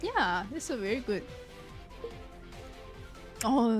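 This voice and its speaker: A woman's voice: on the high side, very animated, measured pace, long pauses, faint music behind. A woman streamer chatting casually while reacting to game scenes, giggling easily and apologizing often. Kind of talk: casual live-stream chat.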